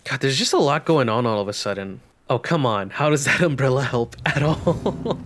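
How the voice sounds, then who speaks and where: A man's voice: medium pitch, lively intonation, moderate pace, fairly bright tone, slight background noise. Young man, let's-play commentary, wry jokes, thinking aloud. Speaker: gaming channel host.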